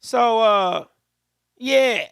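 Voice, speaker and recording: A man's voice: very high voice, expressive, drawn-out words, vocal fry, a bit bright, smooth, no echo, clean studio sound. A man hosting a live watch party, reacting to a game in a casual, slangy, trash-talking way.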